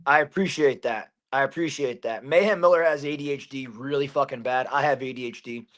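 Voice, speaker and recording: A man's voice: mid-range voice, fairly quick, fairly bright tone. A man guesting on a podcast as a fighter, talking intensely and swearing often as he builds into a fired-up rant. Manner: intense, profane, rising to a pumped-up rant.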